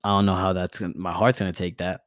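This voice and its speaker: A young man with a fairly low voice tells a story loosely, dropping slang and curses as he goes. The sound is close and dry, with no room around it. It is a relaxed podcast chat. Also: fast, no echo. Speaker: podcast host. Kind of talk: casual chat.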